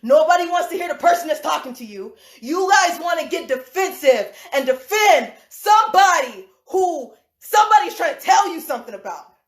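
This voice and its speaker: Brief: mother on a livestream, high voice, animated, laughs between lines, echoey room. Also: moderate pace, hardly any pauses. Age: adult with school-age children. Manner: animated, laughing often, swearing. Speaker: livestream host. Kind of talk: casual livestream rant.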